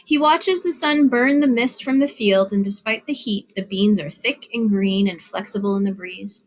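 A woman narrating a literary short story in a measured storytelling manner with lively phrasing. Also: mid-range voice. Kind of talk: literary fiction reading.

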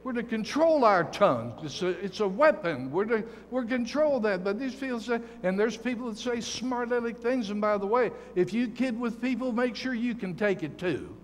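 An older man preaching a sermon with a notably high voice, emphatic and folksy, mixing stories and jokes with a firm call to his congregation. His voice rings out with a long reverb through the church sanctuary. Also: animated, moderate pace, hardly any pauses. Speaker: guest preacher.

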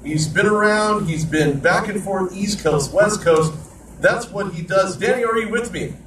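High-voiced rambling sports radio host. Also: male voice, a little slow, echoey room, far from the mic, background noise. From Southern California. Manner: rambling, animated host patter.

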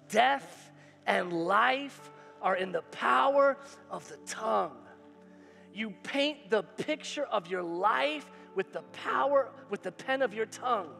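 A man's voice: high-pitched, vocal fry, pushed and bright. A male pastor preaching a sermon, emphatic and repetitive, with call-and-response phrases. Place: church sanctuary. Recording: hall reverb with faint music.

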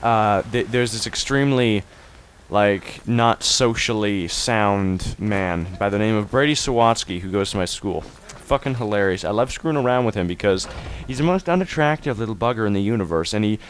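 A young man commentating his gameplay in a goofy, excitable way, swearing freely and chatting to viewers. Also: lowish voice, moderate pace, a little hiss or hum. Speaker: let's play host.

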